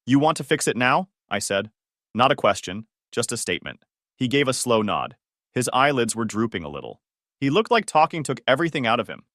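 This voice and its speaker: Calm guy reading a story out loud, animated pitch but steady, super dry recording. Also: a little fast, no echo. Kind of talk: scripted narration.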